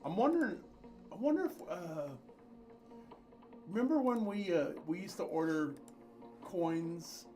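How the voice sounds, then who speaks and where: Playful rambling man, slightly high voice. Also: lively intonation, a little slow, pauses often, warm tone, faint music behind. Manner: rambling, playful, calls emoji races with jokes. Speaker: livestream co-host. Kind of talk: casual livestream chat.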